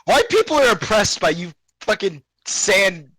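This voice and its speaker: A man's voice: high-pitched, sing-song, unhurried, a bit bright, no echo. A man from the American South, chatting crudely on a voice call and bursting into laughter. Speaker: friend on voice chat. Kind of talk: casual chat on voice call.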